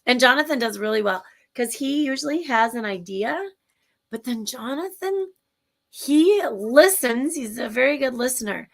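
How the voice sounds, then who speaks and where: A woman co-hosting a livestream show speaks with a high-pitched, expressive voice at a moderate pace. She has a Minnesotan accent and chats casually over a video call, enthusiastic and rambling, with frequent restarts.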